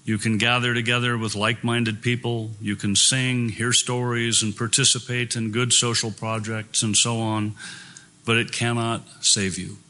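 A man's voice: medium pitch, level tone, normal speed, sharp tone. A man preaching a sermon, reading scripture aloud and speaking in an earnest, emphatic way.

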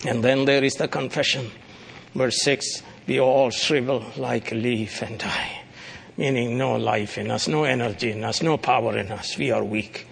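A man preaching a sermon, breaking into sudden loud, high exclamations. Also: fairly even intonation, moderate pace, vocal fry, breathy edge. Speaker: pastor.

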